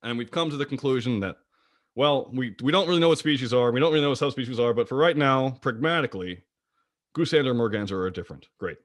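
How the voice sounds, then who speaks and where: A man presenting an online slide lecture about birds, playful and jokey, with wide swings in pitch. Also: fast, dry recording. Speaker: guest presenter of a bird talk.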